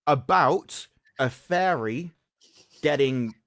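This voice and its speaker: A man with a mid-pitched voice co-hosting a livestream, talking in long rambling stretches. He often repeats his first words and chuckles at his own stories. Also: animated, takes it slowly, a bit bright, dry recording, clean studio sound. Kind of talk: casual chat.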